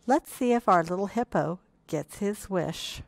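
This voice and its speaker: A woman librarian reading picture books aloud for a children's storytime, speaking gently and expressively and asking the children questions. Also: medium pitch, lively intonation, measured pace, vocal fry, dry recording. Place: indoors, recorded for video.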